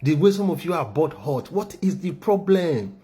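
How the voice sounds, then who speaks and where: A man's voice: fairly high pitch, lively intonation, moderate pace, warm tone. A man lecturing viewers in a scolding monologue, repeating phrases for stress. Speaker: commentator. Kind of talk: opinion monologue to camera.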